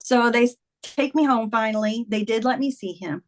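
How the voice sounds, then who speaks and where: A woman's voice: on the high side, normal speed. A woman in her fifties, a podcast guest, earnestly retelling a personal story in conversation, with many "like"s.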